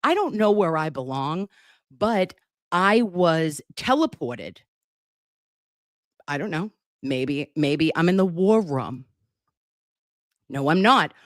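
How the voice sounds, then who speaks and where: A woman's voice: deep voice, very animated, slow, pauses often, no echo, clean studio sound. A middle-aged woman hosting a casual livestream, sassy and profane as she banters with her viewers. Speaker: livestream host, legal nurse consultant. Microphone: desk microphone.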